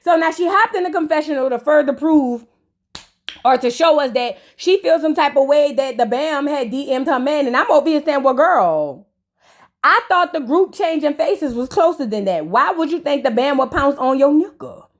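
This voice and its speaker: A woman's voice: high-pitched, expressive, moderate pace. A woman recapping a reality show in a sassy, dramatic, casual way, talking straight to her audience.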